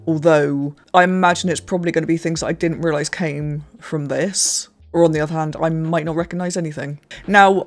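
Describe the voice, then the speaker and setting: A British man hosting a reaction video, chatting casually and self-deprecatingly with lots of restarts and hedges. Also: on the high side. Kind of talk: casual chat to camera.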